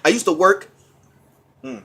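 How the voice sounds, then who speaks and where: A man's voice: measured pace, sharp tone. A sick man coughing through a profane, heated rant on his vlog. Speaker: vlogger. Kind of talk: angry ranting vlog.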